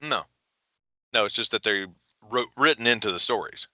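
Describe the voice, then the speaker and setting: A man's voice: on the low side, dry recording. A middle-aged man, an author chatting casually as a guest on a video call, telling stories with folksy energy. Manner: animated storyteller, folksy, quick jumps into voices. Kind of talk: casual interview chat.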